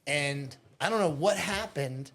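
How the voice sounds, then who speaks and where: A man casually telling profane, animated stories as a podcast guest, often laughing as he talks. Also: a little high, a little slow. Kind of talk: casual storytelling. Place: childhood neighborhood home.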